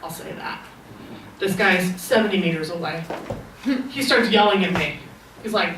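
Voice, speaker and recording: A young woman doing a stand-up set in a comedy club, telling her stories in a wry, deadpan way. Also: mid-range voice, brisk, long pauses. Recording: echoey club sound from far off, noisy.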